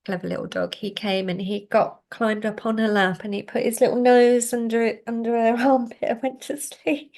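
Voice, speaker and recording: A middle-aged woman, a guest on a video call, telling a story in an animated way. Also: on the high side, moderate pace, vocal fry, hardly any pauses. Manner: animated storyteller, acts out quoted voices. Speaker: guest, canine healer. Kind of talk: storytelling interview answer.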